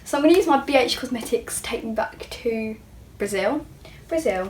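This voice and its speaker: A woman's voice: on the high side, lively intonation, normal speed, slight background noise. A young woman vlogger talking through a makeup tutorial in a chatty, self-mocking way, sometimes dropping to a near-whisper. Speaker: beauty vlogger. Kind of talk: casual makeup tutorial chat.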